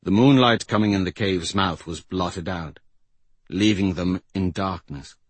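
Male narrator, audiobook, slow measured reading, husky, dry recording. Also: dry recording. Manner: slow, measured, low storytelling.

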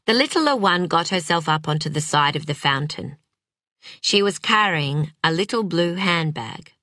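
A woman narrating a novel in an expressive, dramatic reading style, recorded on a close studio mic. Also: on the low side, moderate pace, no room sound. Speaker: audiobook narrator. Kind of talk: scripted narration.

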